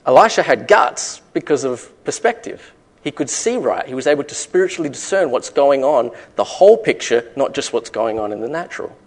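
A man's voice: mid-range voice, very animated, brisk. A man preaching a sermon, emphatic, with rising rhetorical questions to the congregation. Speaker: pastor.

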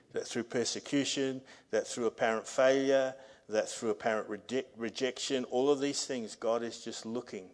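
A male pastor giving a sermon at a church service through a microphone, earnest and building to loud, emphatic passages. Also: mid-range voice, creaky. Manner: earnest preaching that swells to loud, emphatic reading.

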